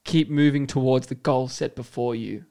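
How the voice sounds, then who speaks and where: A man's voice: medium pitch, creaky, dark tone. A man co-hosting a faith podcast, bantering and teasing his co-host while reading out quotes. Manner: joking and teasing, quick to laugh.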